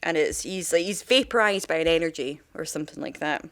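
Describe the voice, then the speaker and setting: A woman's voice: low-pitched, fairly quick, fairly bright tone. Woman chatting on a podcast, rambly and sweary, lots of ums. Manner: rambling, sweary storytelling with many fillers. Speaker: makeup artist and podcast co-host. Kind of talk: casual chat.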